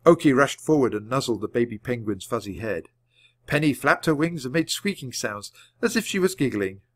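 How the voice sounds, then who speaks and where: A man reading a children's book aloud at a clear, measured pace. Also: medium pitch, expressive, no room sound. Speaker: storybook reader.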